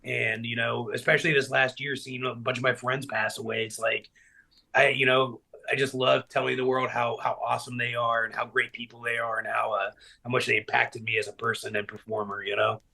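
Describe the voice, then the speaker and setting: A professional wrestler from Middle Tennessee talks casually as a podcast guest, his mid-range voice brisk, gravelly and touched with fry. He rambles through stories full of "like" and "you know," getting animated when acting out old memories.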